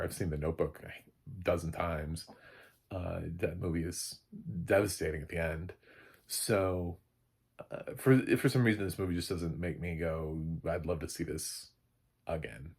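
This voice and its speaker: A man with a low, husky voice talks through a casual movie review. He rambles, swears without a second thought and bursts out laughing at his own rants. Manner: rambling, blunt, swears freely, laughs loudly.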